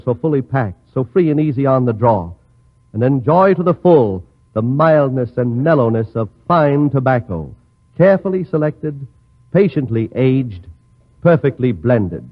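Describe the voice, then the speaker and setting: Smooth male 1940s radio announcer. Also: mid-range voice, lively intonation, unhurried. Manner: smooth, persuasive announcer delivery. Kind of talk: scripted commercial reading. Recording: dull 1940s radio broadcast recording.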